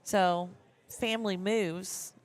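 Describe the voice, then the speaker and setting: A woman's voice: medium pitch, fairly even intonation, slow pace. Giggly woman telling stories. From Texas. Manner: giggly storyteller, laughs often. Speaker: podcast co-host. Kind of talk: casual chat.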